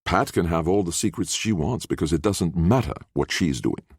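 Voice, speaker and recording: A man's voice: sits low, expressive, normal speed, breathy edge, no echo, clean studio sound. A man playing a catty, proud young woman. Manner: catty, sharp-tongued. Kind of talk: audiobook character voice.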